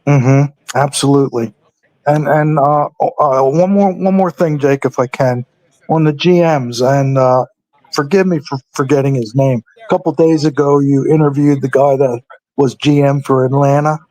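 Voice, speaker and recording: A man calling in to a radio show, speaking slowly and hesitantly with many pauses and restarts. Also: medium pitch, a little mellow, poor audio. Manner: slow, hesitant, lots of uhs and restarts. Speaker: regular caller.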